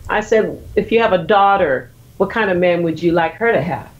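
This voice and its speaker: A woman co-hosting a radio chat show, teasing and quick to laugh. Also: on the low side. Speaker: radio co-host. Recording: dull, lo-fi sound.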